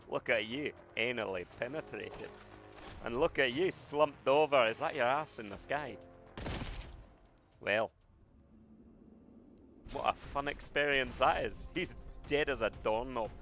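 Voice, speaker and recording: A man puts on a swaggering, bloodthirsty soldier, jeering at the enemies he has just cut down. The voice sits in a mid-range pitch, cocky and boastful. Loud game music and gunfire play underneath. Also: slow pace, long pauses. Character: brash swaggering male soldier with a put-on accent.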